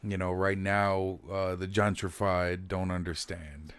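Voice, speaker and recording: A man's voice: deep voice, flat delivery, a little slow, clear, resonant tone. A man hosting a podcast, talking in a laid-back, slangy way and swearing casually. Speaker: podcast host.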